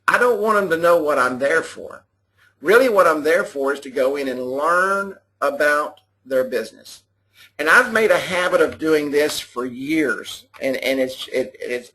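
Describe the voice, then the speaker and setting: A man's voice: a little high, sharp tone. Folksy man giving sales training. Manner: folksy, repetitive, talks to listeners directly. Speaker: sales trainer for a mobile app business. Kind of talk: live webinar sales training. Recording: clipping webinar audio.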